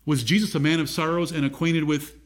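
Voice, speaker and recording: A man's voice: fairly high pitch, steady tone, fairly quick. A man preaching a sermon, reading scripture aloud and asking his listeners direct questions.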